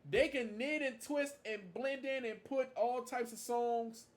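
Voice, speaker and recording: Guy talking to camera, kinda high voice, keeps repeating stuff for emphasis. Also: unhurried. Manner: emphatic, repeats his points for stress. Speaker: marching band fan vlogger. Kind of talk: casual tribute monologue to camera.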